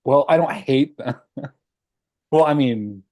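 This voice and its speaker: A man's voice: mid-range voice, takes it slowly, a little mellow, dry recording. A young man co-hosting a casual podcast chat, hesitant and laughing, with many ums. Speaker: podcast co-host.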